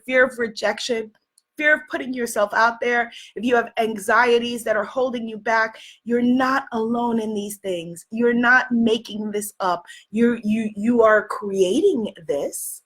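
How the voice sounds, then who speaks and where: A woman in her fifties from New York City, losing her voice, giving an emphatic motivational talk as a life coach, repeating affirmations and at times shouting. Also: on the high side. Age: 50s.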